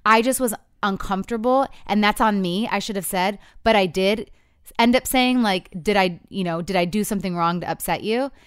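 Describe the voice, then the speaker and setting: A woman's voice: mid-range voice, moderate pace, clear, resonant tone, no room sound, studio quality. A woman in her thirties telling a couple's story in candid chat, acting out the quotes as she goes. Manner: animated storytelling with voiced quotes.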